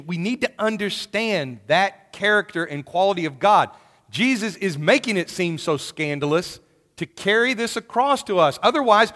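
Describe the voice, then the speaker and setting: Animated preacher man in a reverberant hall. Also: sits high. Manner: animated, acts out quoted voices. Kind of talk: sermon.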